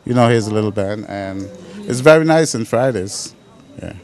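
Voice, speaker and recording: A restaurant man answering a TV host's questions. His voice sits on the low side, and he halts often, filling the gaps with "uh" as he lists the week's entertainment. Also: lively intonation, moderate pace, a little mellow. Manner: hesitant, many uh fillers. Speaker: restaurant owner or manager. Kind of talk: interview answers.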